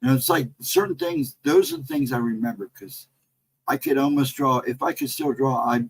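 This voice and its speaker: A middle-aged American man hosting a casual livestream, telling a story in a rambling, animated way and reading out chat messages. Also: medium pitch, moderate pace, gravelly, slight background noise, low-quality recording. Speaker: livestream host.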